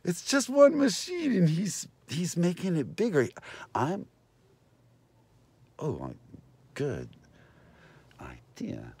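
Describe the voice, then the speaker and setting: A man's voice: sits high, huge pitch swings, slow pace, pauses often, darkish tone, breathy edge. A man hosting a casual, rambling vlog, meandering between talking to viewers and to people nearby. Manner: meandering, talks to viewers and passersby. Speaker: vlogger and host.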